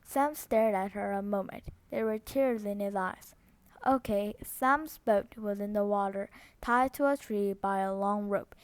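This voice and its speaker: A woman's voice: mid-range voice, measured pace, no room sound. A woman with Korean as her first language reading a novel aloud, steadily, with small slips and restarts. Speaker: book reader.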